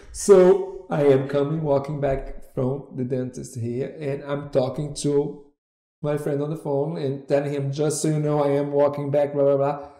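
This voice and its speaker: A man's voice: a little high, unhurried. A man, a model agent, telling stories in a podcast interview and acting out the people he quotes. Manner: animated, acts out quoted voices. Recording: echoey room.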